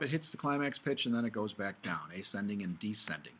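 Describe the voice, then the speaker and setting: A man's voice: lowish voice, normal speed, fairly bright tone. A man teaching music theory in a recorded video lecture, talking casually through slides and stopping to sing short examples.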